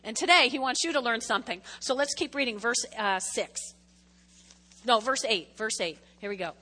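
A woman's voice: fairly high pitch, moderate pace, sharp tone. A woman preaching a chatty, conversational sermon, often checking in with her congregation. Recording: long echoing hall reverb.

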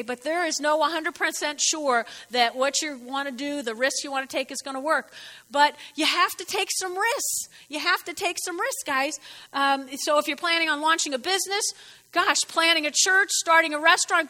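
Animated, preachy woman, high and bright, in a reverberant space. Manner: animated, preachy, rambling asides. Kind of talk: casual sermon-style talk.

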